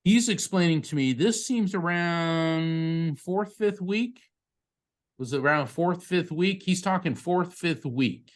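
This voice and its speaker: Over a video call, this man, a psychic medium, delivers a live reading to a participant, talking fast and casually and frequently starting sentences over. His voice is animated and on the high side.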